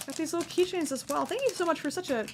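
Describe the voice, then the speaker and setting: In a casual unboxing chat, a hiccuping woman opens a fan's care package on stream, gushing with bubbly delight over each thing she finds. Her very high voice moves fast, with a little hiss or hum in the recording.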